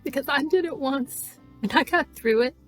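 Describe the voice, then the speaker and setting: High-voiced earnest woman vlogger. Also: normal speed, faint music behind. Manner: earnest, faith-filled and emotional, with restarts and soft trailing asides. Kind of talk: casual vlog talk.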